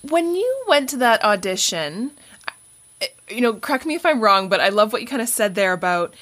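A woman hosts a podcast interview with a fairly high, very expressive voice that swoops up and down. She reacts effusively and asks her questions in a relaxed, chatty way. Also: moderate pace. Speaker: podcast host. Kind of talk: casual interview chat.

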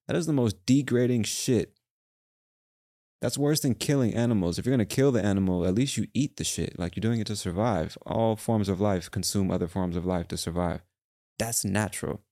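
Alone on his podcast, a young man goes on a rambling, profanity-laced rant in a casual way. His fairly low, dark voice comes through a dry, clean studio recording.

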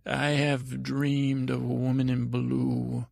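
A man doing Tommen, a very gravelly, rambling young prince. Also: mid-range voice, flat delivery, darkish tone, dry recording, studio quality. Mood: dreamy rambling. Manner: meandering, halting, easily sidetracked storytelling. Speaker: podcast host. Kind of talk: improvised comic bedtime story.

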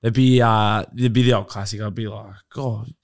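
A man's voice: lowish voice, steady tone, brisk. A man, a podcast co-host, trading dry, teasing banter in casual chat.

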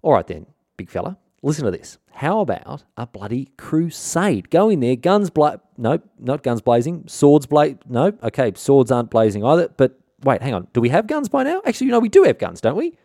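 A man's voice: medium pitch, sing-song, brisk, gravelly, dark tone, no room sound, studio quality, pitched above the performer's own voice. A man voicing a scheming, blustering king in a comic retelling, with a swaggering, slangy way of talking. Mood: cocky scheming. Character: brash blustering Spanish king, a scheming middle-aged man.

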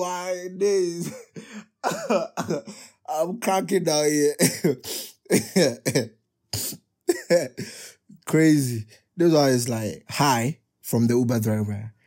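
A young man hosting a podcast, reading text messages aloud in casual commentary and often breaking into loud, high laughter. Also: extremely slow. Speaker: podcast host.

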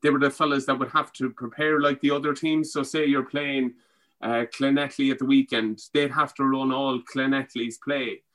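An Irish man, a former rugby player, chatting as a podcast guest and telling animated stories, acting out what others said. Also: mid-range voice, normal speed, poor audio. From Ireland. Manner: animated storytelling, acting out quotes. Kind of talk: casual chat.

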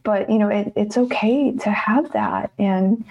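A woman speaking as a podcast guest, sharing her personal story in an earnest, reflective and halting way. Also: mid-range voice, highs cut off. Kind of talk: personal testimony in conversation.

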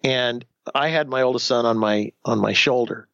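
A man in his fifties telling his own story in a candid interview, animated, acting out the voices of the people he quotes, often restarting sentences. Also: medium pitch, normal speed, vocal fry, smooth, dry recording, highs cut off. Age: 50s.

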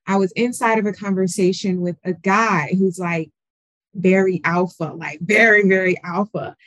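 A woman on a group video call, telling a personal story in an animated way. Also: medium pitch, moderate pace, dry recording. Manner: animated storyteller, acts out voices. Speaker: call participant. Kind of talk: casual group chat.

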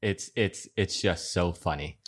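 A man with a low voice on a casual podcast, explaining his habits slowly and with pauses. He sounds calm and plain, a guest voice among the hosts. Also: breathy edge. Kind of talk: casual chat.

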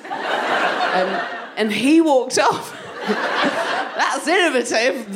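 A woman's voice: on the high side, lively intonation, takes it slowly, very noisy. A woman performing live stand-up comedy on a theatre stage, playful and self-mocking, often laughing through her lines. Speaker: comedian, co-host.

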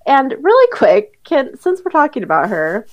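Young woman podcast cohost, giggly and chatty, voice bouncing all over, kinda high. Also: wildly swooping pitch, normal speed, highs cut off. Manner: giggly, chatty, lots of fillers. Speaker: podcast co-host. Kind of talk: casual chat.

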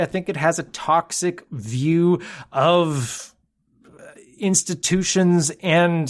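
A man co-hosting a casual movie podcast, opinionated and teasing. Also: mid-range voice. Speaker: podcast co-host.

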